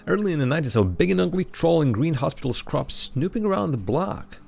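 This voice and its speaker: Man putting on a gravelly Scottish street vet. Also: a little high, big pitch swings, fairly quick, a little mellow, voice pushed up, heavily acted. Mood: matter-of-fact. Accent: put-on Scottish. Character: grizzled old male homeless street vet.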